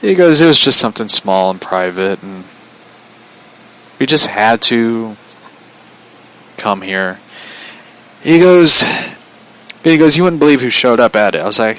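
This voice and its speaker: A man's voice: medium pitch, expressive, measured pace, pauses often, sharp tone, poor audio. A man casually telling a personal story, chatty, relaying a conversation line by line and laughing often.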